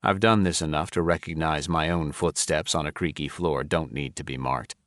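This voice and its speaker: A man narrating a first-person mystery audiobook in a measured, even storytelling manner. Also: rumbling low, no room sound, clean studio sound.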